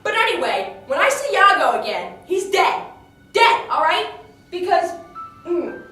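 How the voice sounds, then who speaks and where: A woman's voice: extremely high pitch, big pitch swings, a little slow, bright, forceful tone. A woman telling a story in character in a chatty, indignant way, full of fillers and restarts. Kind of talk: in-character monologue retelling a tragedy. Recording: echoey room, distant mic, faint ambience.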